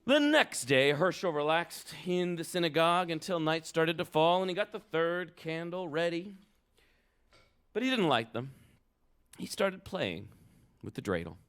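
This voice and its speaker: A man's voice: a little high, expressive, unhurried, fairly bright tone, clear, resonant tone. A man reading a picture book aloud to children at a live event, playful and asking the kids for details.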